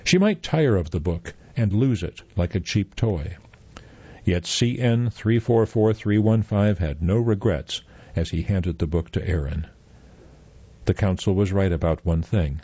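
Low husky guy reading a story, dark mellow tone, dry dull sound. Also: measured pace, no room sound. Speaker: story narrator. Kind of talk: scripted narration. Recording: dull, muffled dry recording.

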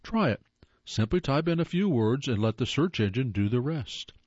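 A man's voice: mid-range voice, lively intonation, moderate pace, a little mellow, slightly rough, no echo, dull audio. A man giving scripted comedic narration with a wry, playful delivery.

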